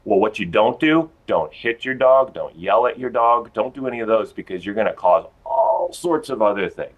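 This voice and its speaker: A man's voice: on the low side, lively intonation, normal speed, muffled recording. A man from a pet store giving dog training tips on a TV segment, folksy and chatty, acting out little everyday scenes. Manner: folksy, acts out little scenes in his own voice. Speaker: pet store guest expert.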